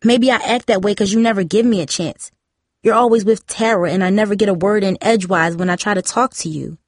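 A woman's voice: medium pitch, fairly quick, dry recording, clean studio sound, lightly acted. A woman voicing a prying teenage girl who presses insistently. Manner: insistent, needling.

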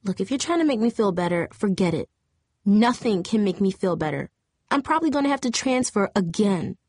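A woman's voice: medium pitch, expressive, fairly quick, darkish tone, no echo, studio quality, lightly acted. A woman reading an audiobook, voicing a tearful, bitter teenage girl cheerleader in a shaky, raised voice. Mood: upset. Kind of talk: audiobook character voice.

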